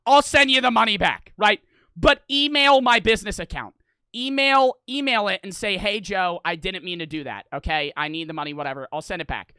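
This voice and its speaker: A young man streaming live, ranting to his chat in heated, profane bursts and sometimes yelling. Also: high-pitched, fairly quick, clear, resonant tone, no room sound. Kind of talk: ranting livestream talk to chat.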